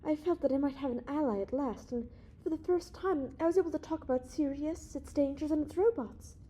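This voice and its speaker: A woman's voice: sits high, brisk, mellow, pitched above the performer's own voice, close to an everyday voice. A woman reading the part of an anxious male scientist who speaks hesitantly and defensively, in a strained way. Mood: confiding. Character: older male observatory director, anxious, defensive.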